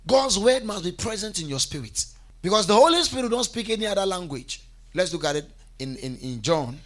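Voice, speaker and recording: A man's voice: lively intonation, fairly quick. A man preaching a sermon with emphasis, urging his congregation to repeat lines after him. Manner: emphatic, rises to fervent shouts and drops low. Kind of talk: sermon with congregation call-and-response.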